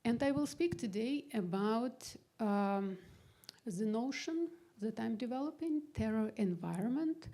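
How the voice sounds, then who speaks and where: A woman scholar talks a panel audience through her ideas, pausing now and then to find the right word. Her voice is gravelly and on the dark side. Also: a little high, animated. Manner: thoughtful, searching for words, with hesitations. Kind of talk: academic presentation. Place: gallery event hall.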